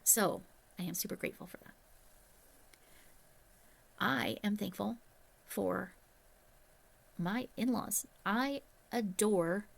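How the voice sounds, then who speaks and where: A middle-aged woman, a retired teacher who now runs a crochet YouTube channel, chats candidly to the camera in a casual vlog. Her voice is mid-range with some vocal fry.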